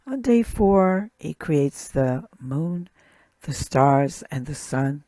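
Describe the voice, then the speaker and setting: A woman teaching a recorded language lesson, speaking slowly and deliberately and repeating each word. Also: deep voice, lively intonation, dark tone, dry recording. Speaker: Hebrew teacher.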